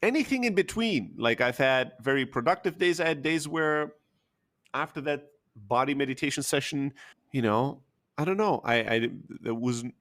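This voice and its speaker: A man's voice: mid-range voice, expressive, moderate pace, a bit bright. A man telling an emotional personal story candidly, with frequent fillers and the odd swear word.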